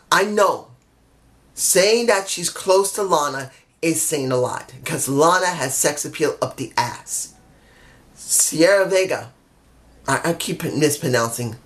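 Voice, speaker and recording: A man giving a casual solo review of a wrestling show, rambling and excitable, often losing track of names. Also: fairly high pitch.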